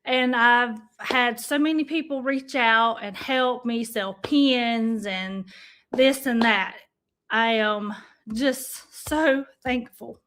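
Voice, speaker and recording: A woman talks to her livestream viewers in an easy, chatty way. Her voice sits high, and she speaks at an unhurried, drawn-out pace, often turning to her audience as y'all. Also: a bit bright. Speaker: livestream host. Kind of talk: casual livestream chat.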